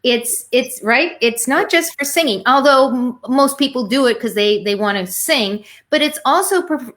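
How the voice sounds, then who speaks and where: A woman hosting an online talk show over a video call, interviewing a guest in a warm, affirming manner. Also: high-pitched, animated, normal speed. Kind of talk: casual interview chat.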